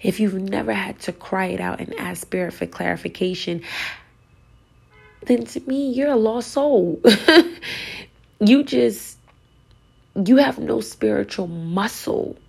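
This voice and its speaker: Gravelly, husky woman preaching slowly. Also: mid-range voice. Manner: intense, often dropping to a hushed whisper; emphatic, urging. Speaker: spiritual speaker. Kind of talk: sermon.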